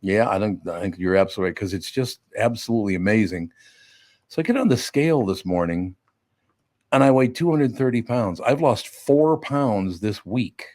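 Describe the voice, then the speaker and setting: An older man hosting a podcast, chatting bluntly and telling animated stories with a bit of salty language. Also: fairly low pitch, moderate pace. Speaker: podcast host. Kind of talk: casual studio chat.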